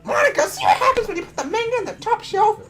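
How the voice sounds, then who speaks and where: A woman voicing a hot-tempered, prickly schoolgirl, reading a visual novel aloud with shrill, indignant yelling. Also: big pitch swings, fast, loud music behind the voice. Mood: scolding.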